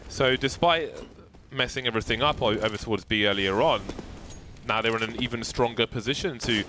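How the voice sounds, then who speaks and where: A man casting a live esports match, with excitable, jokey play-by-play. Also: medium pitch, a little fast, a little hiss or hum. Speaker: esports caster.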